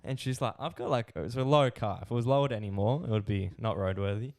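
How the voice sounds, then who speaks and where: A man with an Australian accent, a podcast co-host telling a rambling, animated anecdote in casual chat. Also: fairly low pitch, quick pace. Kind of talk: casual storytelling.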